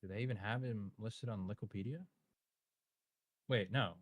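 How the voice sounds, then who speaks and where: A man hosting a casual live stream, tossing out offhand jokes and quick banter with chat and his co-host. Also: on the low side, no room sound.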